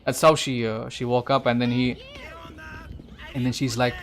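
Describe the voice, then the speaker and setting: A man's voice: medium pitch, level tone, normal speed, long pauses. A man on a gaming livestream, retelling a film plot casually, rambling with many restarts and swearing. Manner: rambling, lots of restarts and swearing, talks to the listener directly.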